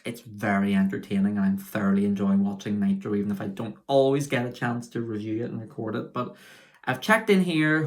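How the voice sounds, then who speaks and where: A man talks casually into his own video review, rambling from point to point. He sounds keen on what he covers and keeps stopping to correct himself. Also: mid-range voice. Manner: chatty and enthusiastic. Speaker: wrestling show reviewer.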